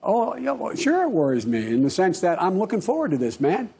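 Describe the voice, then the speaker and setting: A man's voice: high voice, wildly swooping pitch, brisk, vocal fry, mellow, breathy edge. A man giving assertive, folksy answers in a television interview clip. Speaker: interviewed politician.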